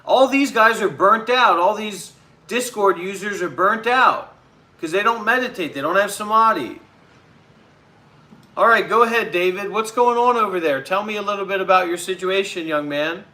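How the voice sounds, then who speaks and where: Brief: male live-stream host, combative rant, high and very bright voice. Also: normal speed. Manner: combative, ranting. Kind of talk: ranting live stream talk.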